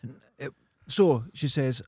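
A middle-aged man with a Scottish accent, co-hosting a podcast and telling animated stories, acting out voices and swearing freely. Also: medium pitch, slow pace, no echo. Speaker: podcast co-host. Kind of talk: casual chat.

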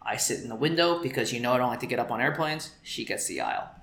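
A man's voice: mid-range voice, fast, vocal fry, reverberant. A man co-hosting a podcast, telling a story in casual chat and acting out the people in it. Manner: animated, acts out quoted people.

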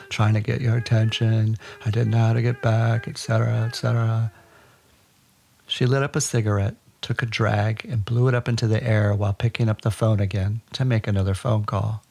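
Gravelly, husky male storyteller. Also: lowish voice, moderate pace. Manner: wry, deadpan storytelling. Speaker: podcast storyteller. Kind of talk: personal story narration.

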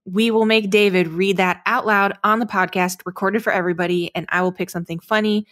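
A woman co-hosting a podcast with a middle-pitched voice. She is friendly and quick to giggle, and she moves through the sign-off in a relaxed way. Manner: giggly, friendly, wraps up the show. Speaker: podcast co-host. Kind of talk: casual chat.

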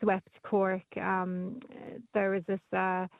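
A woman's voice: medium pitch, monotone, slow, creaky, dry recording. Woman, radio guest, chatty storyteller, many ums, tinny phone line. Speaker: newspaper guest telling local stories. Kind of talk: casual radio chat.

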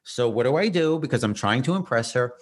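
Man telling a story, self-mocking. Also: mid-range voice. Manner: animated, self-mocking storyteller with quick bursts. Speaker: podcast host. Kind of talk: casual storytelling.

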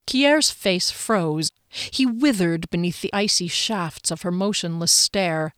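A woman narrating a fantasy audiobook in an even, measured storytelling voice. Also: fairly low pitch, dry recording, clean studio sound.

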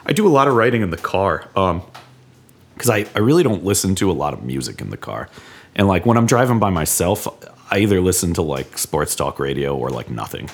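A man, a songwriter, in a relaxed, rambling podcast chat, laughing often. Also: low-pitched, a little fast, creaky, husky. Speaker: songwriter guest.

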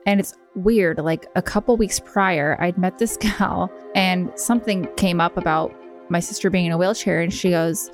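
A woman's voice: fairly low pitch, normal speed, music in the background. A woman in her thirties, co-hosting a podcast, telling a personal story in a casual way, with lots of "like" and "you know". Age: 30s. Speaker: podcast co-host.

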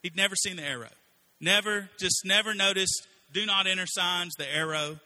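A man with a high-sitting voice preaches at a moderate pace in a casual, conversational way. He tells stories with animation, acting out the quotes.

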